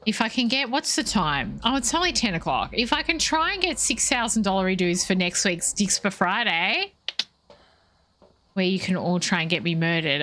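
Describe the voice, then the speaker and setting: A woman in her thirties with an Australian accent chats playfully with viewers while streaming a game, giving casual commentary on her play. Her voice is mid-range with a fairly bright tone.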